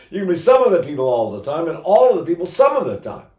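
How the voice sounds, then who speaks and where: A man's voice: a little high, fast talker. Older male voice teacher, roomy sound. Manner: explains calmly, then sings loud operatic bursts. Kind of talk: singing lesson demonstration.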